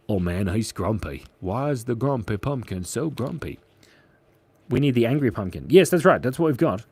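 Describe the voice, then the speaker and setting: A man's voice: medium pitch, animated, moderate pace, darkish tone, husky. Playful, jokey man drawing on a live stream. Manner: jokey, playful, reads chat aloud. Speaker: livestream artist.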